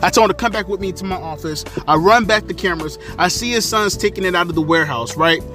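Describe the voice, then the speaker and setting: A man from South Florida telling a story in a casual rant, profane and animated, working himself up as he goes. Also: high voice, fast talker, faint music behind. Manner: profane, heated, animated retelling. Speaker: storyteller vlogger.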